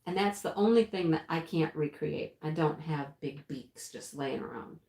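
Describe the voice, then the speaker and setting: A woman's voice: low-pitched, moderate pace, a little mellow, roomy sound. A woman hosting a casual livestream, chatting and rambling as she reads the chat aloud, often laughing. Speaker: livestream host.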